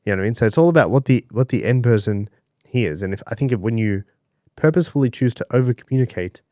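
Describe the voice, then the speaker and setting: A man co-hosting a podcast in casual chat, talking in an animated way, swearing and acting out the voices he quotes. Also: medium pitch, fast, no echo, clean studio sound. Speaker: podcast co-host.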